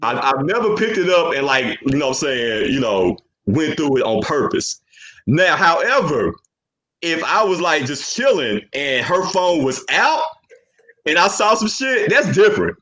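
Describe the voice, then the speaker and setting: A man's voice: fairly high pitch, sing-song, a little slow, fairly bright tone. A young man hosting a podcast, talking in a loose, rambling way and filling his sentences with "you know what I'm saying". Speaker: podcast host. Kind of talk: casual chat.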